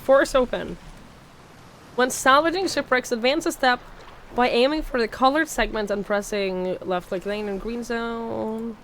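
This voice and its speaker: A woman's voice: a little high, measured pace, fairly bright tone, a little hiss or hum. A woman streamer with a sick voice, chatting casually and swearing while playing a game. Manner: chatty, swearing, self-mocking. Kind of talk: casual gameplay commentary.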